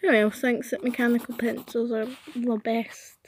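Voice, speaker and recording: A woman's voice: on the high side, level tone, moderate pace, slight background noise. A young woman chatting casually while drawing, rambling and making fun of herself. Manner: chatty, self-deprecating, rambling. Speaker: vlogger.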